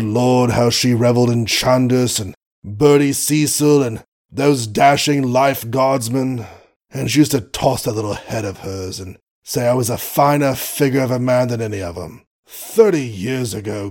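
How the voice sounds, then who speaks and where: A man voicing a gruff, blustering old male colonel in an audiobook, indignant and old-fashioned in his bluster. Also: medium pitch, measured pace, darkish tone. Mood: wistful. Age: older.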